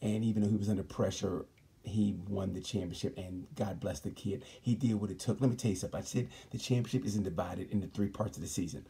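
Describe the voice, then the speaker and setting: Husky low-voiced man ranting about racing. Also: quick pace, dark tone. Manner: rambling, emphatic, keeps saying "let me tell you something". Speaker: host. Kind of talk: comedic sports commentary.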